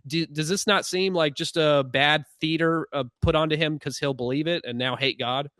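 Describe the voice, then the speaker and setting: A man hosting a podcast who talks quickly in a casual, wry, animated way. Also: on the high side, dry recording, clean studio sound. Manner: fast-talking, animated, wry. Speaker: podcast host. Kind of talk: casual conversational commentary.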